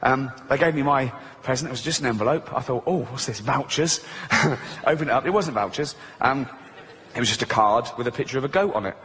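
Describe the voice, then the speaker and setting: A man's voice: mid-range voice, brisk, a bit bright. A man telling stand-up stories in a dry way, with frequent "um"s. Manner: dry storytelling with many "um"s. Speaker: stand-up comedian. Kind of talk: stand-up comedy. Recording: echoey hall.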